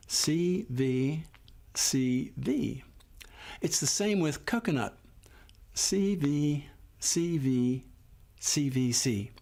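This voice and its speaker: A man teaching a phonics lesson, explaining syllable rules patiently and sounding out words slowly and clearly for the class. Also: medium pitch, darkish tone. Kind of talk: slow, clear classroom instruction.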